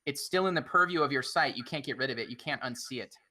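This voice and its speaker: A man's voice: medium pitch, fast talker, sharp tone. A man co-hosting a roundtable film podcast, reflective and philosophical, often checking in with "right?". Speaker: podcast co-host.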